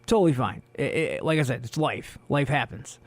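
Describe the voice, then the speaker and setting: Hoarse, rambling radio host man. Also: medium pitch, normal speed, no echo. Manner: rambling, heavy on "you know" fillers. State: hoarse, losing his voice. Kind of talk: casual solo radio talk. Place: small radio studio.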